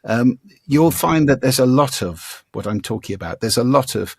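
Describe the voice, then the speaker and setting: An older man as an interview guest, explaining ideas in a demonstrative way and playing with his pitch and volume to show his points. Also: expressive, normal speed, vocal fry, slightly rough, no echo, clean studio sound. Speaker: guest, speaking coach. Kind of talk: conversational interview.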